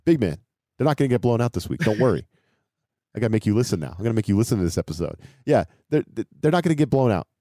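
A man co-hosting a casual sports podcast, talking in an animated way with repeated phrases and laughing asides. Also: on the low side, very fast, dry recording, studio quality. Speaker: podcast co-host.

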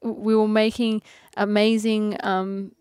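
A woman's voice: medium pitch, measured pace, clear, resonant tone, no room sound, studio quality. Bubbly Australian woman telling stories. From Australia (Adelaide). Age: 20s. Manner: lively storytelling, acts out quotes, laughs often. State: pregnant. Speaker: guest, fitness trainer. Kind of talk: casual interview.

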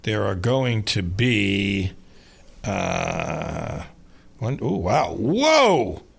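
A man's voice: on the low side, extremely slow, gravelly, breathy edge. A man hosting a sports radio show who rambles and thinks aloud while he looks up races. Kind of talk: casual radio chat.

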